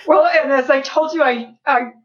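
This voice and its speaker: A woman's voice: high-pitched, normal speed, lo-fi sound. A married woman recalling events in conversation, often ending with "right?". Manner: conversational, frequent "right?" tags. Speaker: guest. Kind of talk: casual conversation.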